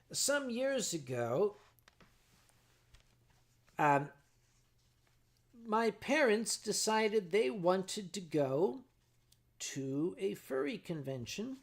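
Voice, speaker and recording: A man hosting a livestream, telling a story to his chat in a sardonic, animated way and acting out his own shouting. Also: high voice, extremely slow, long pauses. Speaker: livestream host.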